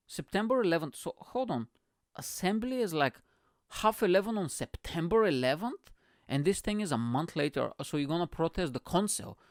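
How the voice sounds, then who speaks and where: A man's voice: high voice, big pitch swings, normal speed, no echo, studio quality. A male comedian hosting his own podcast, rambling in a casual comic monologue, swearing a lot and tagging lines with bro and you know what I'm saying. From immigrant.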